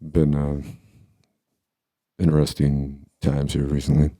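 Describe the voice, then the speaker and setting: A man in his forties telling a personal story casually, halting and restarting as he goes. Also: rumbling low, completely flat delivery, warm tone. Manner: halting, with many pauses and restarts.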